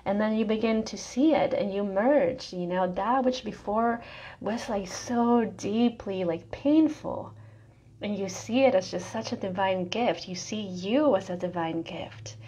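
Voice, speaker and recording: A woman giving a casual spiritual talk in a live stream, speaking intimately and at times softly near a whisper, with loose fillers and the odd swear word. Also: mid-range voice, a little slow, husky. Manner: casual, swears, fillers like "you know" and "right". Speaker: spiritual teacher.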